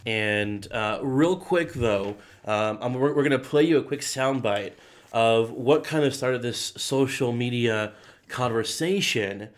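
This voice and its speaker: A man's voice: mid-range voice, slow pace. A man hosting a Christian podcast, casually setting up a clip for listeners. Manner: conversational, introduces segments. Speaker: podcast host.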